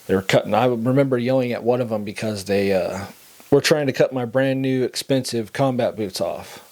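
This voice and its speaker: Man telling a story casually. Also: normal speed. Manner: conversational, laughs between lines, drops low and quiet in somber parts.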